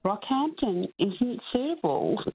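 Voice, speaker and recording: Middle-aged Australian woman caller, slow, husky, tinny phone line. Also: mid-range voice, sing-song. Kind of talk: casual phone-in chat.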